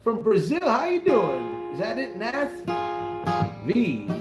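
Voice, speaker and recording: Host, man in his 40s, slightly high voice, loose chatty storyteller, roomy echo, loud guitar. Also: wildly swooping pitch, slow pace. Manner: chatty, laughs through his story, greets viewers by name. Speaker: vanlife channel host. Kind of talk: casual livestream storytelling.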